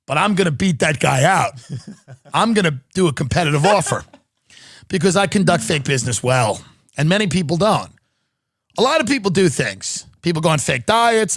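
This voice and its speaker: A man's voice: high-pitched, fairly bright tone, no room sound, studio quality. A middle-aged man hosting a podcast, telling a comic story in a sardonic, riffing way and mimicking the people in it. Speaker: podcast host. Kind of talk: comedic storytelling monologue. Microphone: studio podcast mic.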